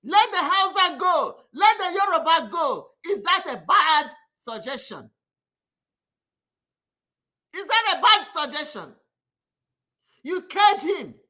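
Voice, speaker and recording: A woman delivering an impassioned political monologue, fiery and repetitive, rising to shouts. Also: extremely high pitch, dull audio. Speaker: political commentator.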